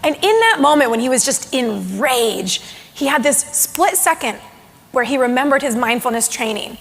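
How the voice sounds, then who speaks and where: Gravelly-voiced woman speaking in a big hall. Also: sits high, normal speed. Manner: animated storytelling with acted quotes. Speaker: mindfulness speaker. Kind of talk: conference keynote talk. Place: large hall with an audience. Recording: long hall reverb.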